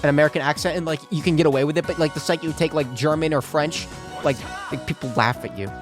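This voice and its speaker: A man's voice: a little high, fast talker, over music. A man streaming a game, commenting casually while stumbling over his words and swearing freely. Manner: rambling, stammering, swears casually.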